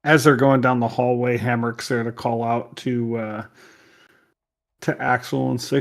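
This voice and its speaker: A man's voice: mid-range voice, little pitch movement, measured pace, creaky. A man playing a tabletop role-playing game who describes his character's actions in the third person. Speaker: player.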